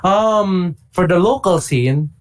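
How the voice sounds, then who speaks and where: A man co-hosting a casual fighting-game chat, telling stories with excitable energy. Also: high voice, slow pace. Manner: excitable, animated storytelling with bursts of shouting. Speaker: podcast co-host.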